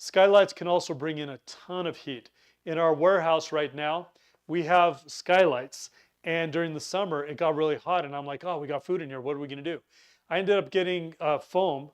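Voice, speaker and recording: A man's voice: fairly high pitch, clean tone. A man giving a casual preparedness lesson, chatty, often stumbling over words and restarting his sentences. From Utah. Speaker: preparedness instructor. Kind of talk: informal teaching talk.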